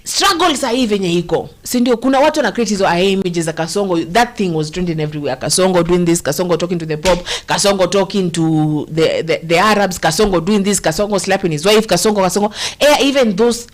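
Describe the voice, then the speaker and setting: A woman's voice: medium pitch, fast talker, hardly any pauses. A woman with a Kenyan accent hosting a show, giving earnest, rambling political commentary and slipping Swahili slang into her English.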